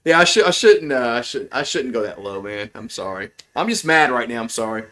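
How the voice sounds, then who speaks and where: A man calling a football game play-by-play on a livestream as a frustrated fan, rambling with restarts and now and then swearing, his voice jumping up on big plays. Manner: voice jumps high and loud on big plays. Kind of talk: casual play-by-play commentary.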